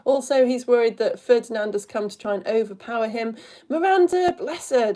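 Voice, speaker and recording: A young British woman teaching a live online lesson from home, chatty and quick to laugh, with many restarts. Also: on the high side, darkish tone. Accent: British English.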